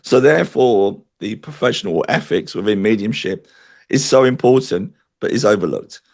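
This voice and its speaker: A man's voice: fairly low pitch, lively intonation, moderate pace, gravelly, a little mellow. A man interviewed as a spiritual medium, talking in an earnest, chatty way and telling stories. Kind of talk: interview conversation.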